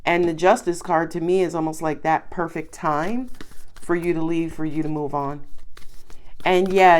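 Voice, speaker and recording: A woman's voice: low-pitched, fairly even intonation, normal speed, darkish tone. Chatty Southern tarot-reading woman. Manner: chatty, reassuring, affirming. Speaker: tarot reader.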